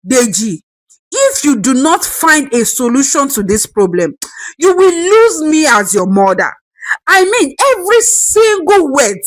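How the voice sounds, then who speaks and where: A woman voicing a fierce older grandmother who scolds loudly. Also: a little high, sing-song, unhurried, dry recording, poor audio. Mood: scolding. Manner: scolding, shouting, emphatic.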